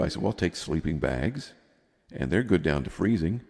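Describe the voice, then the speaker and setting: Deep-voiced man in his fifties, rambling. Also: lively intonation, normal speed, creaky, darkish tone, in a large hall. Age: 50s. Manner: rambling, laughs often while telling stories. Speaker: podcast co-host. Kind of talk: casual storytelling chat.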